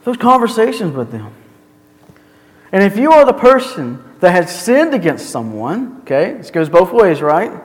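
A man's voice: sits high, very animated, moderate pace. A male pastor delivering a sermon in a church, earnest and full of rhetorical questions. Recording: long hall reverb.

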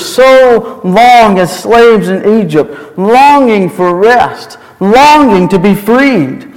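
A male preacher delivering a sermon and retelling scripture in an emphatic storytelling manner. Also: high voice. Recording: long hall reverb.

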